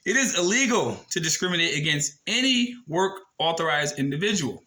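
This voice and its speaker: A man with a high, bright and forceful voice talks through a form in a casual explainer. He reads passages aloud, stresses key words hard, and throws in rhetorical questions and blunt swearing. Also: lively intonation, moderate pace, poor audio. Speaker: video presenter.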